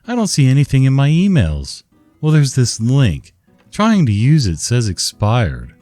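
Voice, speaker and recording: A man voicing a slow, dim-witted male office worker in a drawling, turtle-like voice. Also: mid-range voice, huge pitch swings, dark tone, dry recording, soft background music, voice pushed up. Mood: baffled.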